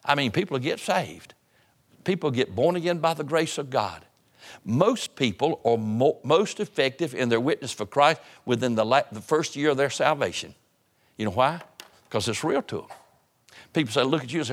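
A man preaching a sermon to his church in a conversational way, repeating phrases and dropping his voice low for emphasis. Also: lively intonation, normal speed. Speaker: pastor.

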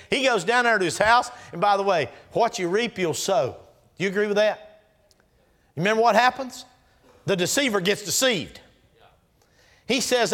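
A man, preaching a sermon. He swings between loud rising exclamations and low hushed asides and acts out scripture dialogue in a folksy way. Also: lively intonation, normal speed.

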